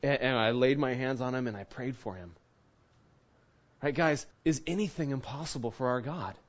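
A man's voice: medium pitch, normal speed, lo-fi sound. A man preaching a sermon, telling a personal story in a chatty way and acting out the quotes. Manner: storytelling, conversational, acts out quotes. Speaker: pastor.

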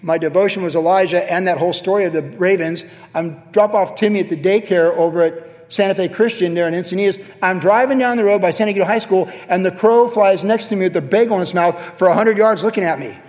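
A high-pitched man preaches from the pulpit, spinning personal stories and leaping up and down in pitch and loudness as he makes his points. His voice rings out with a long reverb, as in a large church sanctuary. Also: quick pace, hardly any pauses. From California. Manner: animated storytelling with sudden jumps in pitch and volume. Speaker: pastor. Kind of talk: sermon.

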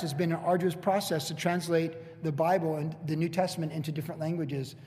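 A middle-aged man preaching a conversational sermon to an evening congregation, full of joking asides and bursts of excited emphasis. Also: a little high. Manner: chatty, jokey asides, swings into excited emphasis. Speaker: pastor. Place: church hall with evening congregation. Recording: long hall reverb.

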